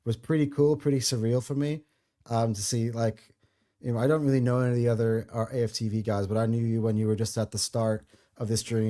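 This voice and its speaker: A man's voice: lowish voice, mellow. A man hosting a football podcast, chatting in a friendly, enthusiastic way that is full of restarts. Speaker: podcast host. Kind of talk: casual football podcast chat.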